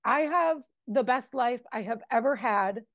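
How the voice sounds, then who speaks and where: Woman in her 40s sharing her recovery story, open and emotional, kinda high voice, dry close sound. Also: measured pace, dry recording. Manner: candid, expressive, emotional. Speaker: member sharing at a recovery meeting. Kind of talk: personal recovery testimony.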